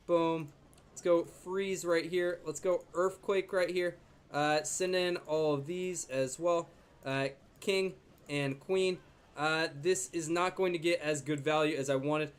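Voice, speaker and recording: A young man casually commenting on his own gameplay as a video host, chatty and joking. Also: fairly high pitch. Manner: chatty, jokey, talks to his dog in a soft baby voice. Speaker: gaming YouTuber.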